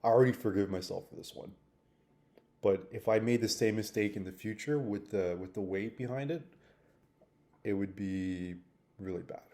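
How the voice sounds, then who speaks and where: A man speaks in a low, mellow voice, reflecting on a mistake in a personal vlog. He thinks aloud in a rambling way, circling back and restarting his sentences as he searches for the point. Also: moderate pace, long pauses. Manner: thoughtful, rambling with restarts and fillers. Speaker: vlogger.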